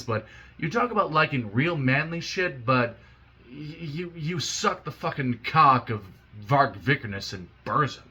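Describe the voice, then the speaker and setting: A man's voice: fairly high pitch, expressive, a little slow, pushed and bright, slightly rough. A young man in a casual, profane, heated rant, rambling with restarts. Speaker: YouTuber ranting.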